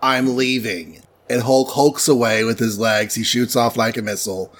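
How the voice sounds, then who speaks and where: A man's voice: mid-range voice, steady tone. A man casually recapping a comic book story on a podcast, playfully acting out the characters' lines. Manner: playful, acts out characters in quick voices.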